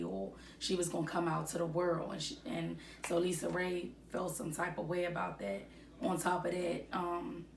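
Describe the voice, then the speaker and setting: Gravelly chatty woman in an echoey room. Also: on the low side, fairly bright tone, recorded from a distance, slight background noise. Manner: chatty, many fillers, retells quotes. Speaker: celebrity gossip commentator. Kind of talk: casual commentary.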